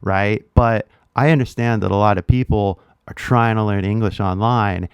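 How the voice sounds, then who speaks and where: Man, Californian accent, relaxed slangy teacher, lowish voice, dry close recording. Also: normal speed, clear, resonant tone, dry recording, dull audio. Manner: laid-back slangy talk with lots of "like" and "right?". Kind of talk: casual direct-to-camera lesson.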